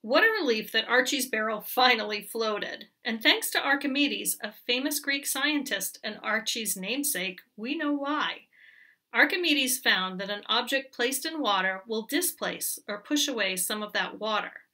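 A woman teacher reading a picture book aloud to children, explaining clearly, recorded from a distance. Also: a little high, expressive, moderate pace, bright, forceful tone.

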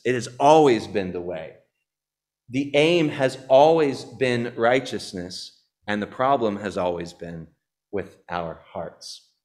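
Earnest man preaching a sermon. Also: lowish voice. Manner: earnest, repeats key phrases, frequent fillers. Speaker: pastor. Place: church.

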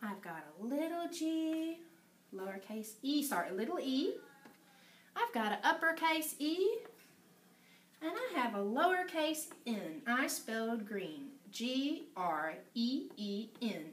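A woman teaching preschool circle time, talking slowly in an exaggerated sing-song way and dropping to whispers for effect. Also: sits high, big pitch swings. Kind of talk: circle time lesson for young children.

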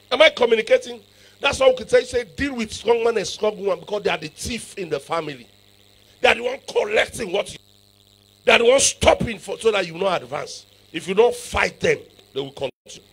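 Male revival preacher, high and gravelly, bright and husky, booming call-and-response. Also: normal speed, long pauses. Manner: shouting, call-and-response preaching with sudden loud bursts. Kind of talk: revival sermon.

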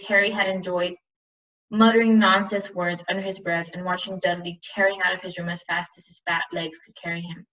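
Bright-voiced woman teacher reading aloud. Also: mid-range voice, far from the mic, highs cut off. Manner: casual and chatty between readings.

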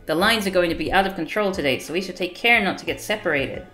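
A woman's voice: fairly low pitch, lively intonation, fast talker, fairly bright tone, roomy sound, soft background music. A woman voicing a stern, bossy young woman in a visual novel, speaking in a scolding, matter-of-fact way. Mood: brisk.

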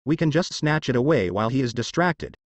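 A man's voice: medium pitch, big pitch swings, fairly quick, dry recording. A man voicing a cautious female earth spirit. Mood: urging.

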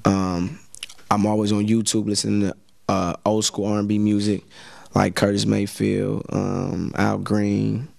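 A man's voice: fairly low pitch, little pitch movement, a little slow, gravelly, a little mellow, dry recording, clean studio sound. An American man chatting in an interview, laid-back and slangy, often repeating words as he starts a sentence. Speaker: rapper and actor guest. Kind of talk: casual interview chat.

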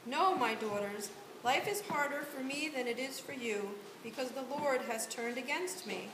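A woman's voice: high-pitched, animated, moderate pace. A woman volunteer reading the part of Naomi, a grieving widow, aloud in church. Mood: pleading. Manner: earnest plain read-aloud delivery. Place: church sanctuary. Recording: echoey church room with hiss.

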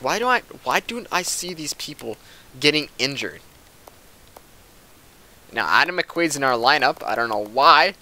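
A man's voice: mid-range voice, pushed and bright. A young man giving casual commentary over a hockey video game, frustrated and ranting with swearing. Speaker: gaming commentator.

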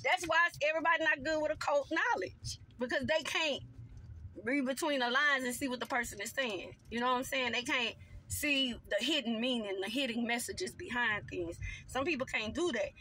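High, bright-voiced woman vlogger. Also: normal speed, slight background noise. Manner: animated, slangy, addresses viewers directly. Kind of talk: casual storytelling monologue.

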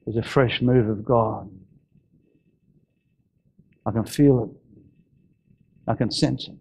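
A male pastor preaching a fervent sermon, shouting and then dropping to low, intense exhortation. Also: fairly even intonation, slow, creaky, breathy edge.

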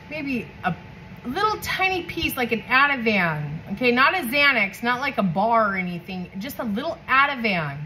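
Excitable, profane high-voiced woman. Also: slight background noise, poor audio. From California. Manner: profane, excitable, laughing often. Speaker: tarot reader. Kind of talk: casual tarot reading.

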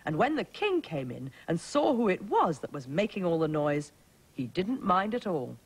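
Woman narrator, slightly husky, gentle sing-song, very expressive, for young children. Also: on the low side, moderate pace, low-quality recording. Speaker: schools TV presenter.

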